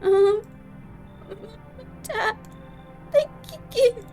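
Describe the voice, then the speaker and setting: A woman's voice: extremely high pitch, extremely slow, mellow, soft background music, full character voice. A woman voicing a terrified little girl who is crying and stammering. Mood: sobbing. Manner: stammering, sobbing.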